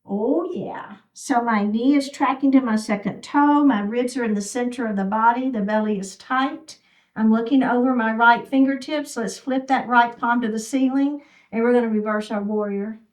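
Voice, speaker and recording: Slightly breathless, this instructor guides a chair yoga session with upbeat cues for each movement in turn. She speaks a little high at a moderate pace, and the audio is poor.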